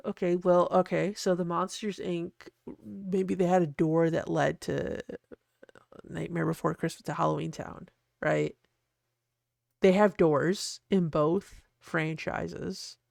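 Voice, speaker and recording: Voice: mid-range voice, fairly even intonation, takes it slowly, vocal fry, darkish tone, no echo, studio quality. A host in casual, rambling commentary while designing, often cutting themselves off and laughing.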